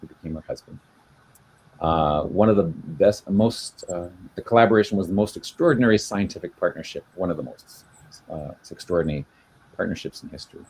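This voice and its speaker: A man's voice: low-pitched, a little fast, a little mellow, slight background noise. A man co-hosting a casual video-call chat, explaining at length with many fillers and restarts. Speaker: genealogy show co-host.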